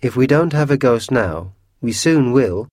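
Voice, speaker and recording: A man voicing a calm, sensible mother in a storybook reading, speaking soothingly. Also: mid-range voice, unhurried, no room sound, studio quality, pitched above the performer's own voice.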